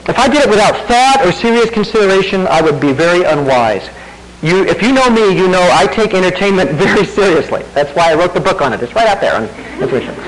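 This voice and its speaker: A male pastor preaches in a relaxed, talky manner, tossing out rhetorical questions and laughing at himself. His fairly high voice swings up and down a lot, while a faint hum runs beneath the poor audio.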